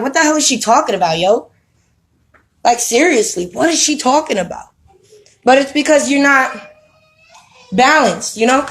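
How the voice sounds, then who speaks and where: At home with children around, a spiritual vlogger speaks casually to camera in a high voice, preachy and streetwise. She often asks "you know what I mean?" and the recording is rough.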